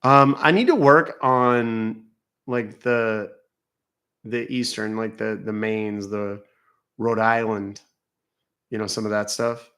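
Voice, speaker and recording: A man's voice: lowish voice, steady tone, slow, long pauses, fairly bright tone, clear, resonant tone. A middle-aged man from Texas, hosting a live stream in casual, joking, profane and rambling chat.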